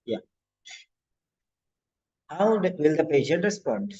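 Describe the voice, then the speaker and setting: Brief: upbeat male tutor grading student sentences, somewhat high voice, dull lo-fi audio. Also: sing-song, slow, darkish tone, breathy edge. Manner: encouraging, corrects and grades student sentences. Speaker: language teacher. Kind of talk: online exam-prep class.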